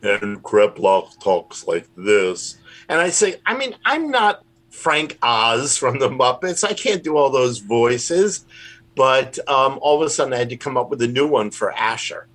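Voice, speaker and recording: A man's voice: medium pitch, lively intonation, moderate pace, fairly bright tone. A man, a rabbi and puppeteer, chatting casually in an interview in a rambling, self-deprecating way. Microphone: remote call.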